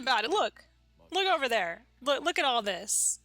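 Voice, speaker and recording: A woman's voice: high voice, big pitch swings, moderate pace, pushed and bright. A woman giving casual, chatty reaction commentary on an anime episode, full of fillers like "like" and "you know".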